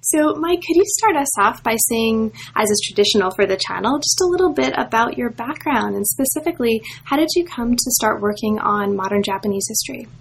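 A woman's voice: fairly high pitch, lively intonation, fairly quick, vocal fry, few pauses, a little hiss or hum. A woman hosting a book interview podcast, introducing the guest in a playful, enthusiastic way. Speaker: podcast host. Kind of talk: scripted introduction then interview.

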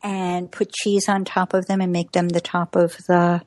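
A woman's voice: fairly low pitch, flat delivery, moderate pace, a little mellow, no echo. A woman in her sixties, a cookbook author from the United States, talking in a chatty way with frequent laughs and fillers during an interview. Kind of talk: interview conversation.

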